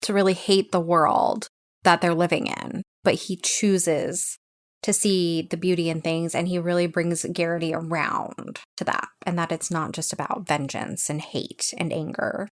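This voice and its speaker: A woman's voice: fairly low pitch, steady tone, measured pace. Agreeable woman co-hosting a book chat. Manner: agreeable, chimes in often. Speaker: podcast co-host. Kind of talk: casual book club chat.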